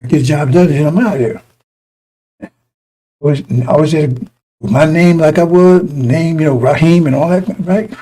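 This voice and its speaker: A man's voice: fairly high pitch, moderate pace, pauses often, mellow, rough recording. A middle-aged man preaching informally to his congregation, blunt and profane, rambling through personal stories with many restarts.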